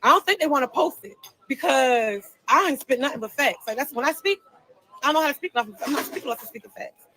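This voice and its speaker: A woman's voice: sits high, expressive, quick pace, pushed and bright, poor audio. A woman talking on a casual live stream, telling her side of a story in an emphatic, repetitive way.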